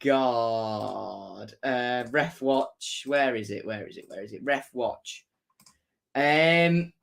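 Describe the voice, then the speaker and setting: A man's voice: mid-range voice, drawn-out words, vocal fry, fairly bright tone. A young man hosting a casual football livestream, chatting and reading out viewer comments with jokey asides. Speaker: football fan livestream host.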